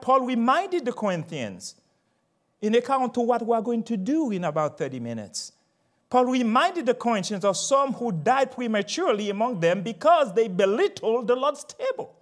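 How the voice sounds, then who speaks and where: An older man preaching a sermon emphatically, moving from quiet asides to loud proclamations. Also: sits high.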